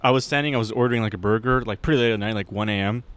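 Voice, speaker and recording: A man's voice: lowish voice, racing, a bit bright, clean tone. A man co-hosting a comedy podcast, jumping in with reactions and his own profane anecdotes in casual chat. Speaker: podcast co-host.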